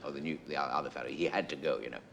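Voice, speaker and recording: Rambling English comedian over loud hiss. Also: male voice, extremely low pitch, very fast, gravelly. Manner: digressive, self-interrupting, chuckling. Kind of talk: rambling stand-up monologue. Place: studio with audience. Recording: loud background hiss, live audience laughter.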